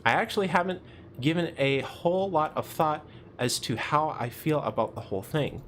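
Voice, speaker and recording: A man's voice: on the high side, animated, normal speed, a bit bright, slight background noise. A young man reading a visual novel aloud in first person, with casual, chatty asides.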